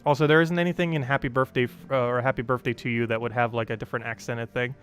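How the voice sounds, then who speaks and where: A man's voice: mid-range voice, steady tone, fast talker, a bit bright, faint music behind. A young man with a New Jersey accent hosting a casual gaming livestream, rambling with lots of fillers and frequent laughs.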